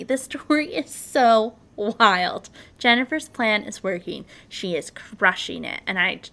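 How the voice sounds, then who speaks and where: A woman's voice: fairly high pitch, pushed and bright. A woman hosting a true crime podcast, telling the story casually and animatedly, with frequent ums and likes.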